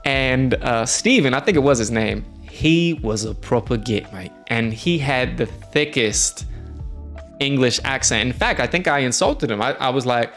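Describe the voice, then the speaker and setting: A man's voice: medium pitch, animated, normal speed, a bit bright, faint music behind. A man from the United States chatting casually, telling travel stories in a friendly, rambling way with plenty of fillers. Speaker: streamer host. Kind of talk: casual storytelling. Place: indoors, lives in Norway.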